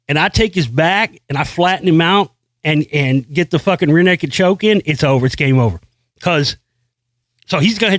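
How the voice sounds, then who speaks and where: A man's voice: high voice, no echo, studio quality. A man hosting his own show, delivering a brash, boastful, profane rant full of repeated phrases. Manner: brash, boastful, heavy swearing, repeats himself. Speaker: show host. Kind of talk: profane ranting monologue.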